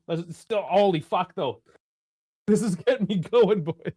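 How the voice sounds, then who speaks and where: A young man hosting a live football watch-along, chatty and rambling, swearing freely and bursting into shouts at big chances. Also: high voice, unhurried, husky, no echo, studio quality. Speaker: live stream host.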